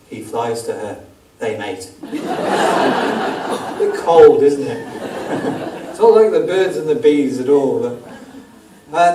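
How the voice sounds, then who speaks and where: A man's voice: medium pitch, warm tone. Chatty man giving a slide talk. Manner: chatty and self-deprecating, many filler ums. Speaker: guest speaker, wildlife photographer. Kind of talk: illustrated talk to a club audience. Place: theatre auditorium. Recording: echoey hall from far off, faint hiss.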